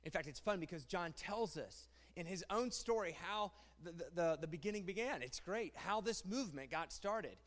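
A married man preaching a sermon as pastor, animated and rhetorical, often repeating phrases. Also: high voice, moderate pace, hardly any pauses. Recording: long hall reverb.

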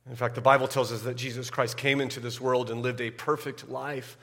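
A man preaching a sermon as pastor, often repeating words as he builds, rising loud and high at key points. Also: level tone, fairly quick, long reverb tail.

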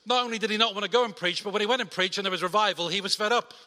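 A man preaching a sermon from the front, animated and lively, acting out quoted voices. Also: high voice, racing. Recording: long hall reverb.

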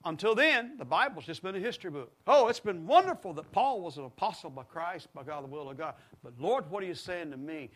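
A man's voice: fairly high pitch, pushed and bright. A middle-aged man preaching a sermon, leading the congregation in call-and-response. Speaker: pastor.

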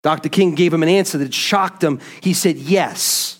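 Guy preaching, goes real quiet then climbs way up high, throws questions at the room. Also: fairly quick. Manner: dramatic swings from low hushed tones to high impassioned calls; repetitive rhetorical questions to the congregation. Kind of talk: sermon.

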